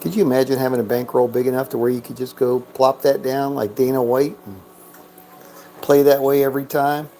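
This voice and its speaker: A man's voice: mid-range voice, little pitch movement, brisk, warm tone, a little hiss or hum. A man giving casual, joking commentary while playing a craps game, chatting to himself and counting bets and chips aloud.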